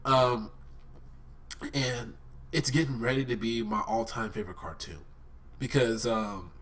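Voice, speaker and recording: A man with a blocked-up, stuffy nose talks through a casual fan review in a middle-pitched voice. He rambles with eager, nerdy excitement. His voice sits a little back from the microphone. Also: unhurried, vocal fry, recorded from a distance. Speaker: vlogger reviewing a cartoon.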